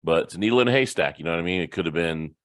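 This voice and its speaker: Man, very low voice, dry close sound, hesitant casual talk, restarts words. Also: animated, rapid-fire, no room sound. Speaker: paranormal investigator guest. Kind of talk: casual conversation.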